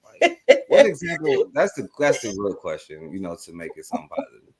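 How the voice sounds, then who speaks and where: A man's voice: low-pitched, big pitch swings, brisk, darkish tone. A man co-hosting a casual talk radio show, heated and emphatic, cussing as he makes his point. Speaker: co-host.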